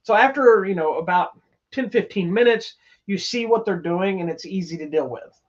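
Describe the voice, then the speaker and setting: A movie-reviewing podcast co-host chats casually and enthusiastically, rambling and restarting his sentences. His voice is high-pitched and expressive at a moderate pace, and the recording has a slightly dull, lo-fi quality.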